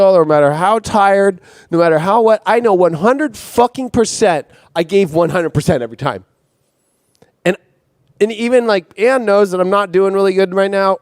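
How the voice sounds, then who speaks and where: A man hosting an impassioned astrology monologue, intense and profane, circling back on his own phrases. His voice sits very high for a man. The sound is dry and close. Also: smooth, no echo. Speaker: astrologer host.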